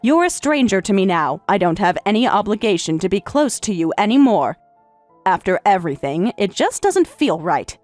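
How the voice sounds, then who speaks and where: A woman voicing a middle-aged stepmother, speaking in a calm, detached and formal way. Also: mid-range voice, moderate pace, no echo, soft background music, natural voice. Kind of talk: story narration with voiced roles.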